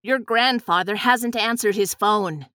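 A woman voicing a thoughtful adult man in a storybook, asking questions calmly. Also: medium pitch, unhurried, dry recording, clean studio sound. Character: thoughtful adult male helper.

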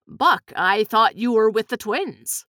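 A woman's voice: on the high side, animated, slow, a bit bright, no echo, studio quality, exaggerated voice. A woman voicing a frail, startled old grandfather in a storybook, sounding shaky and fearful. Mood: alarmed.

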